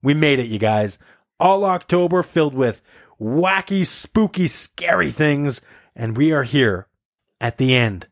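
A man hosting a casual group podcast, upbeat and animated as he runs a word game with friends. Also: fairly high pitch, a little slow, no room sound, clean studio sound. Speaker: podcast host.

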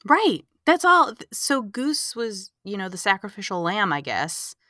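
Woman podcast host ranting through a movie recap, bright punchy voice, sarcastic, dry close mic. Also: medium pitch, measured pace, dry recording. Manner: animated, sarcastic, acts out characters' lines. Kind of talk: casual movie recap chat.

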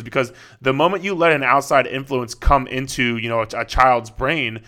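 Bright-voiced man, profane podcast talk. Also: medium pitch, moderate pace, few pauses. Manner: profane, rambling, with frequent fillers and restarts. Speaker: fitness coach and podcast host. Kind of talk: casual podcast monologue.

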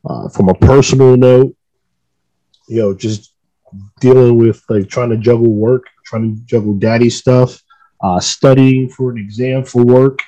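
A man in a casual podcast chat who talks about being a dad at an ordinary pitch. He stumbles and repeats words as he gathers his thoughts. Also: steady tone, measured pace, warm tone, dull audio. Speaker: podcast guest, father.

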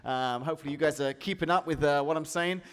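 A man's voice: on the high side, quick pace, clear, resonant tone. A man with an English accent, preaching a sermon as a pastor and joking with his listeners. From England. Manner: lively, joking with the audience. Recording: long hall reverb.

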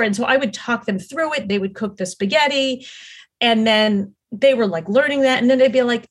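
A woman's voice: fairly high pitch, moderate pace. A middle-aged woman talking as a podcast guest, telling her story in an earnest, rambling way with many fillers and restarts. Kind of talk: casual conversational storytelling.

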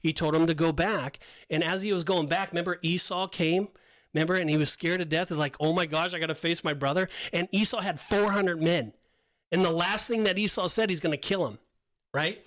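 Podcast co-host, male, high pitched, excitable storyteller who acts out the characters. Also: fairly quick, no echo. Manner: animated storytelling, acts out voices of biblical figures. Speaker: podcast co-host teaching the Bible. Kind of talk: casual Bible study chat.

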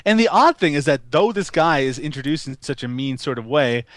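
A man's voice: fairly high pitch, lively intonation, fairly quick, crowd noise. A man co-hosting a casual movie review chat, wry and jokey, chuckling as he talks. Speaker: podcast co-host.

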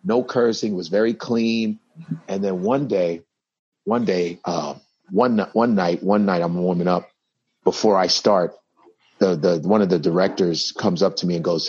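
A male comedian telling stories in casual chat, animated and acting out the people in them. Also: low-pitched, unhurried, slightly rough, dull audio. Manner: animated storyteller, acts out voices. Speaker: comedian and impressionist, guest.

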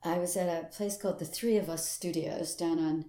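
An older actress chatting in an interview, animated and playing out every voice in her stories. Her speaking voice sits slightly low. The recording carries a noticeable roomy echo. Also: normal speed. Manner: animated storyteller who acts out quoted voices and laughs often. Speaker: stage actress guest. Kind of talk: casual interview chat.

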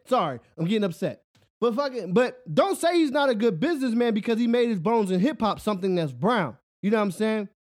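A man hosting a solo podcast, rambling in a casual, animated rant, often laughing at his own jokes and asking "you know what I'm saying". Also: extremely high pitch. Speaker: podcast host.

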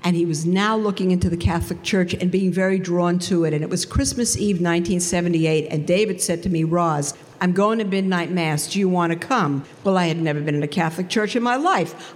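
A woman giving a faith testimony to an audience, telling her story in an animated way and acting out the dialogue. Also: fairly low pitch, in a large hall.

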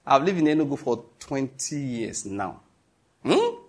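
A Nigerian man preaching a sermon with a Nigerian accent, emphatic, reading scripture slowly and joking with the congregation. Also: mid-range voice, huge pitch swings, a little mellow, slightly rough.

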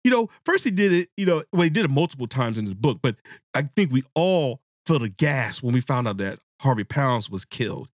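A man's voice: medium pitch, a little fast, no echo. Guy rambling on his book podcast, gets all worked up, swears a lot, dry close sound. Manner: excitable, rambling, swears freely. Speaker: podcast host. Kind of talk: casual book-discussion podcast.

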